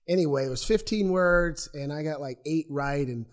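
Lively man telling stories about his youth. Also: a little high, brisk, hardly any pauses. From Portland, Oregon. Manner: animated, acts out voices in his stories. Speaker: interview guest, former athlete. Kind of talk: storytelling in an interview.

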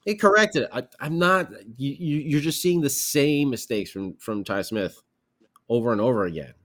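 A man's voice: medium pitch, lively intonation, normal speed, a bit bright. A man co-hosting a casual sports podcast, sarcastic and exasperated. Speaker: podcast co-host.

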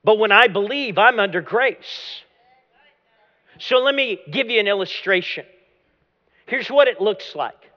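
High-voiced preaching pastor, man. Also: animated, unhurried, long pauses. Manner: dramatic preaching, dropping to a low hush at phrase ends. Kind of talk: sermon. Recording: long hall reverb, dull lo-fi sound.

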